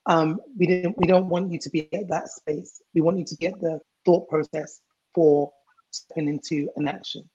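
An emotional healing coach, a woman, giving advice in a measured, coaching tone. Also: low voice, fairly even intonation, warm tone, slightly rough, dull audio. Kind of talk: guest advice on a talk show.

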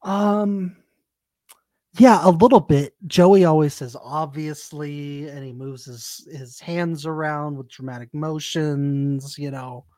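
A podcast co-host chatting casually about a reality show, relaxed and playful, with dry asides. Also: mid-range voice, takes it slowly, no echo.

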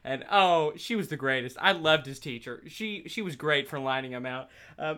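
A man's voice: a little high, lively intonation, moderate pace, bright, forceful tone, clear, resonant tone. A young man, a college student, telling a casual story in a rambling way, laughing often and restarting his sentences.

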